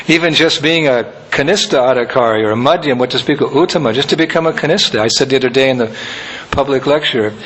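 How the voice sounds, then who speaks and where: A man's voice: mid-range voice, rough recording. Man giving a conversational sermon. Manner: conversational, anecdotal, with soft laughs. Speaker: spiritual teacher.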